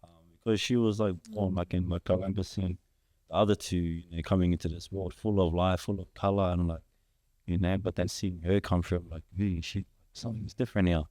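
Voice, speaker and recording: A young man with a very low, dark voice, talking as a guest in a casual podcast conversation. He rambles and fills his sentences with "like" and "you know". The sound is close and dry, with no room around it. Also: steady tone, a little fast, no room sound. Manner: rambling, heavy use of "like" fillers. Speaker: guest, father of three.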